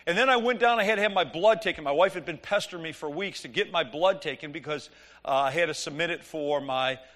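A middle-aged man preaching, telling an animated, joking story and acting out the dialogue. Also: fairly high pitch, quick pace. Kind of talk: sermon storytelling.

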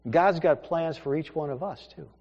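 A man preaching, retelling a scripture story with rhetorical questions. His voice sits slightly high for a man, and he moves between hushed asides and emphatic stretches. It rings in a reverberant hall. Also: normal speed, dull audio. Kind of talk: sermon. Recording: echoey hall with long reverb.

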